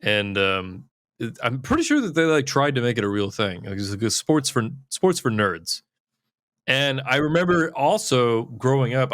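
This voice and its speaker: A man's voice: lowish voice, fairly bright tone, no room sound. Rambling, profane man in casual chat. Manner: rambling, profane, heavy use of "like". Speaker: podcast host.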